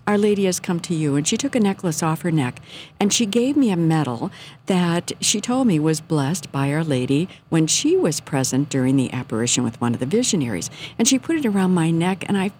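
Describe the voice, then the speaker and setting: A middle-aged woman telling a personal faith story in casual, earnest talk, animated when she quotes her own thoughts. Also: deep voice, fairly quick, slight background noise.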